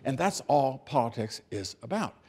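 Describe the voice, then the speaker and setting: Older man, from the United States, keynote speaker, folksy storytelling, emphatic pauses, repeats words, middle pitch. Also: big pitch swings, a little mellow, slightly rough. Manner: folksy storytelling, acting out little scenes. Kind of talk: keynote speech.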